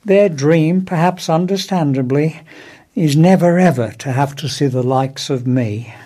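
A man's voice: a little high, a little slow, dark tone. An Englishman reading his own humorous first-person column aloud, with a wry, dry comic delivery.

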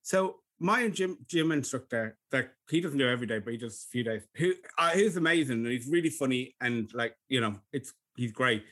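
A man's voice: medium pitch, expressive, fairly quick, few pauses, fairly bright tone. An Irish man co-hosting a podcast, chatting casually, self-mocking and swearing freely. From Ireland. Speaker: podcast co-host. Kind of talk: casual chat.

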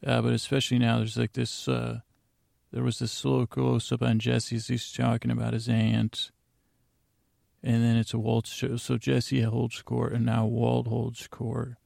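A man drones through a meandering bedtime podcast recap in a heavily gravelly, dark and mellow voice. His pitch barely moves. The sound is dry and close. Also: monotone, a little slow, dry recording. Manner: droning, meandering, drowsy delivery. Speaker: podcast host.

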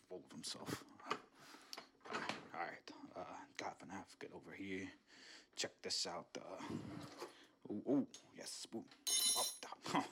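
A man's voice: lowish voice, husky. A man voicing a grumbling older male politician who sneaks into a house, muttering and swearing under his breath. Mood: hushed grumbling. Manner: hushed muttering, cranky swearing. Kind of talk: comedy sketch impression.

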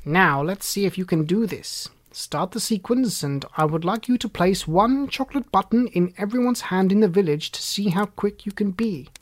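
A storyteller voicing a kindly old male elf elder who leads the elves, speaking slowly and patiently in a storybook read-aloud. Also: mid-range voice, animated, lightly acted. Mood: instructive. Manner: slow, measured, instructive.

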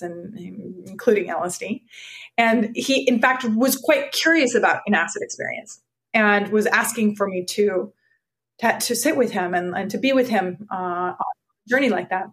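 A woman psychotherapist telling personal stories in conversation, earnest and reflective, often restarting her sentences. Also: mid-range voice. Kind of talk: conversational storytelling.

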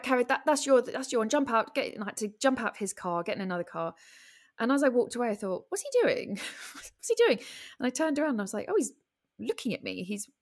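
A woman, an adult with a husband and a child, chats casually as a podcast guest; she's a comedian and writer. In this relaxed interview she tells personal stories with animation, acting out her own thoughts in high voices.

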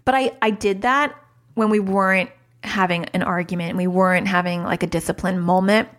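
A woman's voice: mid-range voice, steady tone, moderate pace. A woman in her thirties hosting a parenting podcast, talking casually, chatty and self-mocking, mixing advice with stories from home, into a studio mic. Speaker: podcast host and parenting coach.

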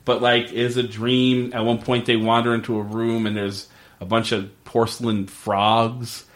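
A man's voice: mid-range voice, measured pace. Guy on a podcast going over a tv episode, lots of likes and ums, voice jumps up when quoting people. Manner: animated retelling with filler words, quotes characters in a lively voice. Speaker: podcast co-host recapping a TV episode. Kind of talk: casual chat.

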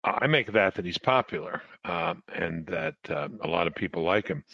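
A man speaking as a panelist in a political discussion, measured and hedging, with many pauses and fillers. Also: deep voice, lively intonation, gravelly, sharp tone, no room sound. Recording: dull, dry sound.

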